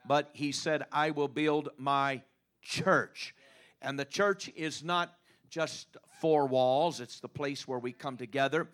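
A man preaching a sermon as pastor, halting often with fillers and repeating his phrases. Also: on the high side, a bit bright.

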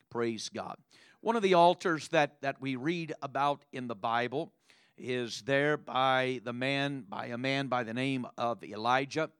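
A man's voice: fairly high pitch, fairly bright tone, smooth, no echo, clean studio sound. A man preaching a sermon who punctuates his points with "amen" and "praise the Lord," often repeating and restarting words. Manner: frequent restarts and filler "uh".

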